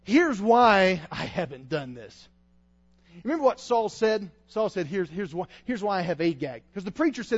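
A man preaching an impassioned revival sermon as a traveling evangelist, swinging from quiet storytelling to loud pleading. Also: sits high, very animated, moderate pace, muffled recording. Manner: impassioned, rising to shouts.

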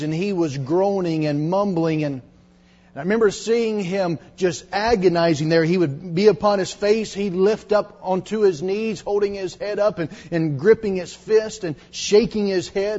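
A middle-aged male preacher giving a dramatic sermon to teenagers, dropping to hushed tones when he retells confessions. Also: high voice. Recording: dull lo-fi sermon recording.

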